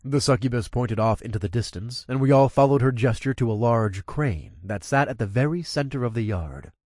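A man's voice: medium pitch, animated, brisk, a little mellow, no echo, clean studio sound. A man narrating a first-person story in a casual manner with crude asides.

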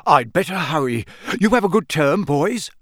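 A male reader plays an earnest, busy wizard father in a storybook, always in a hurry. His voice is pitched slightly up and recorded dry. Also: animated, moderate pace, fairly bright tone, no room sound. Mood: hurried.

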